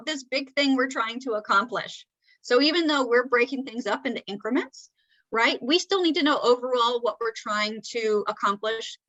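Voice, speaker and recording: A woman with a Southern accent presents a talk to a group in a casual, conversational way, often checking in with the listeners. Her voice is bright and sits a little high. The sound is dry and close, with no room echo.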